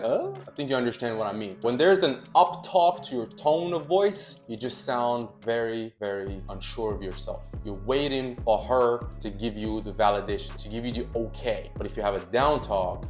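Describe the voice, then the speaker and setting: Emphatic man giving dating advice in an echoey room. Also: mid-range voice. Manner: emphatic, repeats key points, acts out example lines. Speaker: dating coach. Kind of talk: casual direct-to-camera advice.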